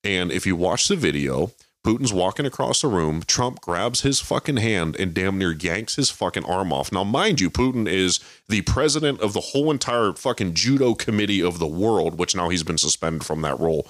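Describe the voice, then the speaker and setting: Podcast co-host, male, very deep voice, angry profane ranter, dry close sound. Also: lively intonation, moderate pace, few pauses, no room sound. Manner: heated, swears constantly, mocking impressions. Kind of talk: profane political rant.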